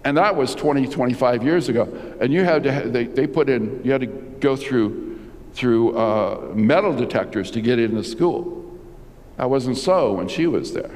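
A man's voice: medium pitch, normal speed, darkish tone, in a large hall. An older man preaching a conversational sermon as a pastor, full of rhetorical questions and restarts. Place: church.

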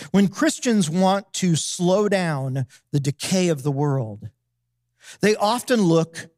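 Slow, measured preacher with a dry sound. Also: medium pitch, no echo. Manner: measured, emphatic preaching with deliberate pauses. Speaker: pastor. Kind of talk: sermon.

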